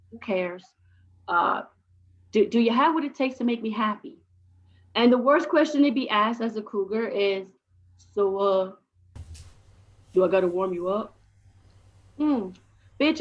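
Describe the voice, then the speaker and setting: A woman in her forties doing brash, raunchy stand-up comedy with punchy delivery. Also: mid-range voice. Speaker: stand-up comic. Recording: slightly dull recording with faint noise.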